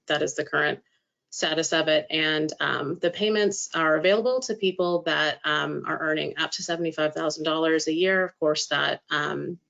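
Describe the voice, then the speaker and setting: A woman with a low, gravelly voice explains legal details on a webinar. Her many "um"s sound through dull, lo-fi call audio. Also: a bit bright. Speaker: legal services presenter. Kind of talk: webinar presentation. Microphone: video call.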